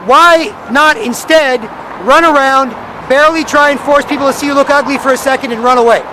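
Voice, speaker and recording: A very high-pitched man talks fairly quickly with fairly even intonation as he vlogs downtown on a street corner. His rambling rant keeps repeating itself, he imitates other people's voices, and faint traffic noise sits in the background.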